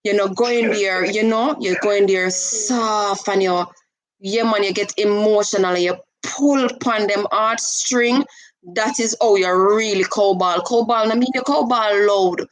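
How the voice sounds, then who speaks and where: A woman hosts a casual live stream, talking to a caller in an animated, coaxing way. She slips easily into patois phrasing between plain advice. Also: medium pitch, a little slow, poor audio.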